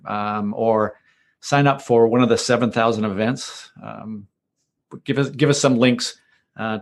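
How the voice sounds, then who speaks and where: A man hosting a podcast, chatty and lightly sarcastic, and he laughs often. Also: mid-range voice. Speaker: podcast host. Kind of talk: casual interview talk.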